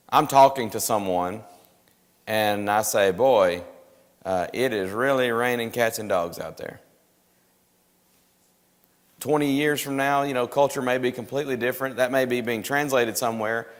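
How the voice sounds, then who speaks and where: A man teaching a church Bible class, explaining in a conversational way with frequent restarts. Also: medium pitch. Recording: live stream with hall reverb.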